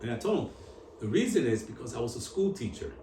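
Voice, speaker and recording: A man telling his story on camera in an interview, in animated street slang with Spanish mixed in. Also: medium pitch, quick pace, far from the mic. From New York. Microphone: camera at a distance. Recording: echoey room, voice from off-mic, faint hum.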